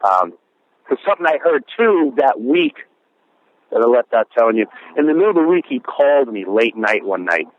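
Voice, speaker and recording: A man's voice: medium pitch, very animated, normal speed. A middle-aged man, a comedian guest, telling a story in an interview, sincere and reflective, slipping into voices for the people he quotes. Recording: dry tinny phone-like line.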